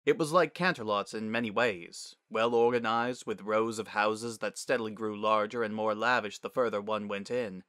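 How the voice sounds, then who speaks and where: Male narrator, dramatic reading, low pitch, crisp dry sound, expressive pacing. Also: dry recording. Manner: expressive, measured storytelling.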